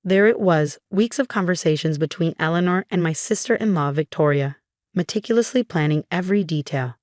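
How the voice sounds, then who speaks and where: A woman with a low voice tells a scripted story in the first person, keeping an even, measured delivery. The recording is dry and close, with no room sound. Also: no room sound. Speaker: narrator.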